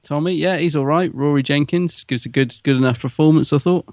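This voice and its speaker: A man's voice: fairly high pitch, fairly quick, a little mellow, dry recording, clean studio sound. A man co-hosting a podcast, giving his opinions in chatty casual conversation. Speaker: podcast co-host. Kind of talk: casual review chat.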